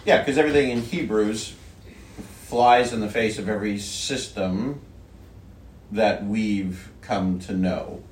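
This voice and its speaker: A man with a fairly low voice talks loosely and meanders in a casual conversation about faith, chuckling as he goes. He sounds set back from the microphone. The room is echoey, with a faint ambient hum. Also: unhurried. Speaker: podcast co-host. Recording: distant mic in an echoey room.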